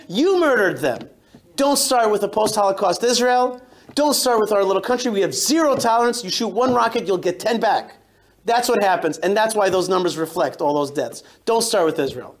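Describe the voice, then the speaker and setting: High-pitched guy, rabbi giving a fired-up talk at a synagogue, keeps cutting himself off and hitting lines hard. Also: brisk. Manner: animated, emphatic storytelling with frequent self-interruptions. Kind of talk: speech to a synagogue audience. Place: synagogue hall.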